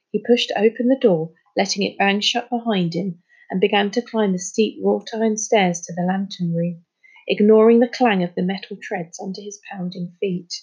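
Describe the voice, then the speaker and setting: A woman reading a children's novel aloud in an expressive storytelling manner. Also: medium pitch, breathy edge, highs cut off. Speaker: storybook reader.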